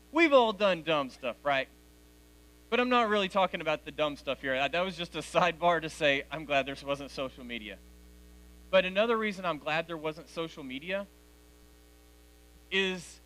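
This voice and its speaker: A man's voice: fairly high pitch, sharp tone. A man in his forties giving a direct, conversational youth sermon to teenagers in a church hall. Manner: direct, conversational, addresses teens as guys. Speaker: youth speaker.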